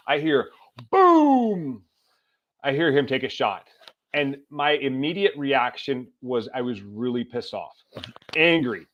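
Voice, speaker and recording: A middle-aged man, a podcast guest, tells a personal story in a casual, animated way and acts out the lines he quotes. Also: mid-range voice, muffled recording.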